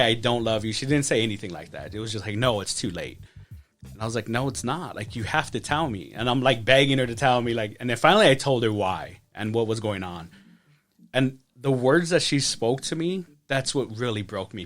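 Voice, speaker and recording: A man's voice: medium pitch, a bit bright. A man in his thirties, a podcast guest, telling his life story with feeling, with many restarts and "like". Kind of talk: personal testimony.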